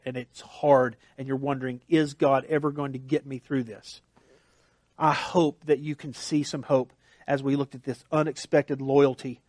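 A man's voice: mid-range voice, no room sound, clean studio sound. A man preaching a sermon in an earnest, conversational way, often restarting his sentences. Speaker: pastor.

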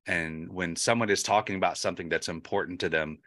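Male interview host, bright forward voice, rambles and restarts as he thinks aloud. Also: deep voice, steady tone, a little fast. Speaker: podcast host. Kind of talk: casual interview chat.

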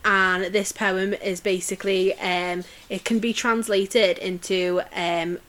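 Woman, casual podcast chat, lots of fillers, history storytelling, mid-pitched voice. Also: little pitch movement, takes it slowly, a bit bright. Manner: chatty, many fillers and restarts. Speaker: podcast co-host telling history stories.

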